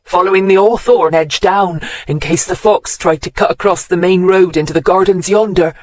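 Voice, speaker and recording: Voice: medium pitch, fairly even intonation, normal speed, natural voice. An audiobook narrator voicing a grumpy old countryman with a rural English accent, aggrieved and blunt. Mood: gruff, aggrieved. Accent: English West Country rural. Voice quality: rural dialect, sneering then cracking. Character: grumpy old countryman grieving his cat.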